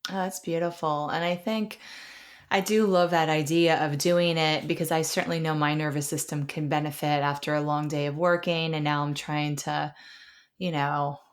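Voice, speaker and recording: Low-voiced chatty woman host. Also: fairly even intonation, moderate pace. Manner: warm, chatty, laughs easily. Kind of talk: casual interview chat.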